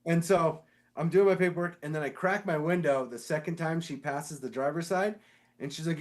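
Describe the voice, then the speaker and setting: A man casually telling a story on a podcast, animated and swearing, acting out the voices of the people in it. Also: a little high, moderate pace. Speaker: podcast co-host; sewer inspector.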